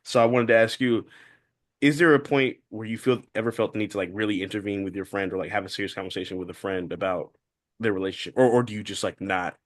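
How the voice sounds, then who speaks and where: A man co-hosting a podcast, relaxed and easygoing, retelling stories in casual chat. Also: on the low side, quick pace, dry recording, clean studio sound. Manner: relaxed, retells stories with quoted voices, laughs easily. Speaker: podcast co-host.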